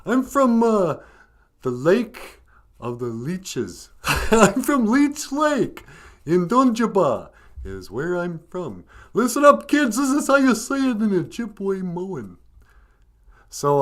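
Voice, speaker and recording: A man's voice: sits high, heavily acted. A man voicing a goofy young male reservation dog that jokes at its own puns, in a puppet comedy. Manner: jokey, laughs at own puns.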